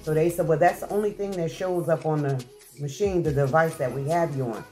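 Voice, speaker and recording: A low-pitched, middle-aged woman recounts a personal story straight to her viewers, chatty and heartfelt, stopping and restarting often. Light music plays softly behind her voice. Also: fairly quick. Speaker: vlogger. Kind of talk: casual storytelling to camera.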